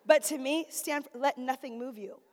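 High-voiced woman preaching in a reverberant church. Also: normal speed. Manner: swings from shouted exhortation to quiet storytelling. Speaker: preacher, pastor's wife. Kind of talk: sermon with personal story. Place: church sanctuary. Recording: long reverb of a church hall.

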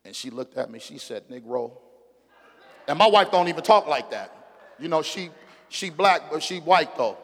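A middle-aged male pastor preaching a sermon with call-and-response, moving from quiet asides to loud, shouted emphasis. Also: fairly high pitch, lively intonation, moderate pace. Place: church sanctuary. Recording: long hall reverb.

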